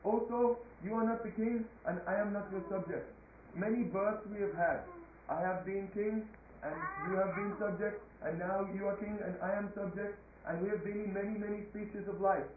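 A man voicing a humble, polite sage who answers a king quietly and calmly, in a told story. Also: high voice, moderate pace, recorded from a distance, background noise, lightly acted. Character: humble calm sage carrying a palanquin. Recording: tinny phone-like line, echoey room.

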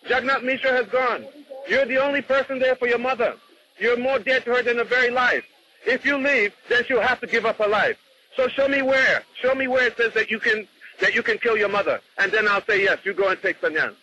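A man's voice: very high-pitched, a little fast, pushed and bright, a little hiss or hum, pitched above the performer's own voice, rough recording. A man voicing an impassioned male devotee who is insistently pleading with his friend.

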